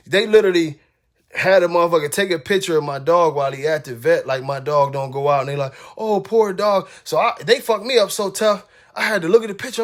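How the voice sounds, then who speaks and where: High-voiced man ranting bluntly on a livestream. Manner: blunt and profane, repeating himself for emphasis. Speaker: dog breeder ranting on a livestream. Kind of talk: heated livestream rant.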